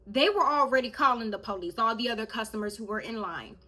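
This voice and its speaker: A young woman telling a storytime vlog in an animated way, speaking straight to her viewers. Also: on the high side, fast. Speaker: vlogger.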